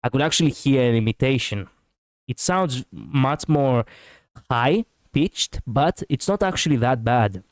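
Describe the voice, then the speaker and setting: This is a chatty streamer with a smooth, clean voice who laughs often as he reacts. The sound is dry and close to the mic. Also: medium pitch, expressive, unhurried, no room sound. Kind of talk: casual reaction commentary.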